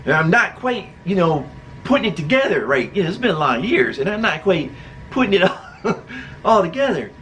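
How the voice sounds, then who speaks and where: A man's voice: high voice, very animated, brisk, fairly bright tone, a little hiss or hum. A man casually telling a personal story, laughing often and acting out other people's voices.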